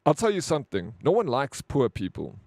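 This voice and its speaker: A man's voice: mid-range voice, huge pitch swings, fairly quick, gravelly, darkish tone, dry recording. Blunt South African man streaming. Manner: blunt, profane, rambling with frequent "bro". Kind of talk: casual live-stream chat.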